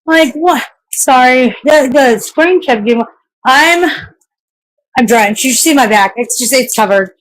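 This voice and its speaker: A woman talks into her phone on a live stream from a rainy yard, frazzled and venting. Her voice sits high and she swears freely between casual asides to her viewers. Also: rough recording. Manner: frazzled, swearing, quick to vent. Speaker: livestreamer. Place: outdoors in a yard in the rain.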